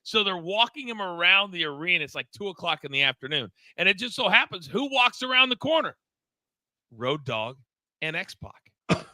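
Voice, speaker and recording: A man's voice: high voice, normal speed, dry recording, rough recording. A middle-aged man co-hosting a casual wrestling talk show, telling backstage stories with lots of stammered repeats. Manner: animated storyteller, stammers and repeats words. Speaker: podcast co-host, former wrestling coach.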